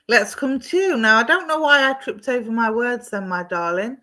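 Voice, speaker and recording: A woman's voice: a little high, sing-song, moderate pace, few pauses. Woman giving psychic readings. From London. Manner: warm, chatty, calls viewers "my darling". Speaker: psychic medium. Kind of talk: live-streamed psychic readings.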